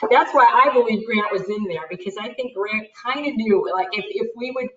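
An American mother tells her family's story in an interview, acting out what people said with an animated delivery and light laughs. She speaks fairly quickly in a slightly high voice. The lo-fi recording sounds distant and dull.

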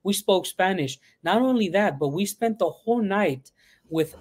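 High-voiced chatty male livestream host. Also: expressive, normal speed. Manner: chatty, reads viewer questions aloud. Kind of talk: casual livestream chat.

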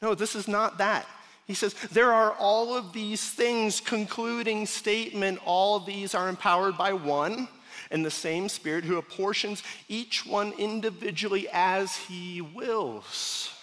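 A male pastor preaches in a relaxed, conversational way and keeps breaking off into joking asides to his congregation. His voice sits high and bright. It rings out through a big sanctuary with a long reverb. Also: a little slow. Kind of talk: sermon. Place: large church sanctuary. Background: congregation laughing at times.

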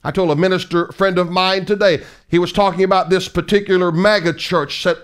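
A man's voice: sits high, fairly even intonation, fairly quick, hardly any pauses, a bit bright, clean tone. A middle-aged man preaching a fiery sermon as an evangelist, emphatic and mocking, full of rhetorical questions.

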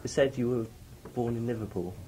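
A man's voice: medium pitch, fairly quick, a crowd in the background, poor audio. A man interviewing a broadcaster, asking questions hesitantly and murmuring agreement as he listens.

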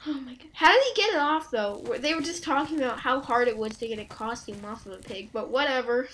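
Excitable jokey woman gaming on video. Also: on the high side, quick pace, a little hiss or hum. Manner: excitable and jokey, with loud startled outbursts. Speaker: gaming YouTuber. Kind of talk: let's play commentary.

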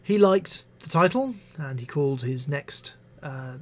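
A teacher hosts a live-stream reading of favourite poems. The delivery is unhurried and dramatic, with a lot of rise and fall in pitch. Wry asides break up the verse. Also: expressive. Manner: theatrical, dramatic recitation with asides.

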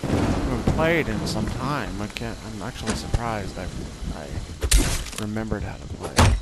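A man's voice: fairly low pitch, lively intonation, a little slow, heavy background noise. A man casually commenting on his gameplay, muttering profane trash talk at other players. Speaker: gamer playing online.

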